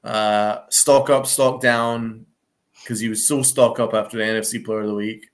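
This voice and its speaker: A man's voice: on the low side, steady tone, moderate pace. A young man co-hosting a casual sports post-game show, hesitant, with lots of ums, putting questions to his co-host. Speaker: podcast co-host.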